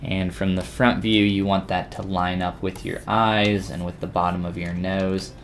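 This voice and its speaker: A man casually chatting with viewers while he demonstrates 3D sculpting in a live-stream tutorial, relaxed and rambling with frequent restarts. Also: low-pitched, moderate pace, a little hiss or hum.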